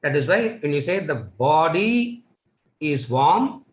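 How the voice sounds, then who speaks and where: A Vedanta teacher with a Tamil-influenced Indian English accent gives a spiritual lecture, repeating his key lines and putting rhetorical questions to the listeners. His voice is fairly high and very animated but slow, captured in an echoey room on a rough recording.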